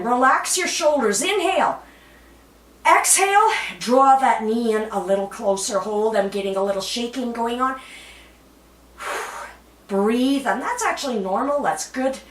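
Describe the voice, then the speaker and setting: A fairly high-voiced woman leads a floor workout at an unhurried pace, chatty, laughing at herself, with cheerful whoops. She sounds slightly out of breath from exercising. The camera mic sits some way off in a roomy, echoing space. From Canada. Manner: calm cueing with bursts of cheerful whoops. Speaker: fitness instructor. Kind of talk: guided exercise instruction. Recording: roomy echo, voice from a distance.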